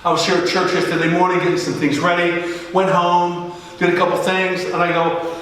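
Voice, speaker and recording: A middle-aged man preaching a sermon as a joking, animated storyteller who acts out the dialogue. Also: high voice, fairly quick. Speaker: pastor. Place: large church hall. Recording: echoey church hall from a distance.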